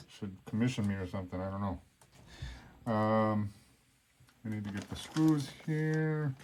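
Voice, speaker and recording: A man's voice: medium pitch, darkish tone, slight background noise. A man talking casually while building a hobby kit, with lots of fillers and frequent swearing. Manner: casual and profane, with many fillers. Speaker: hobby vlogger.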